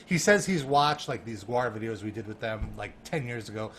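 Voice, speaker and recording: A man guesting on a podcast, telling an animated story with laughter and lots of "like" fillers. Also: on the low side, normal speed, slight background noise. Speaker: guest, music journalist.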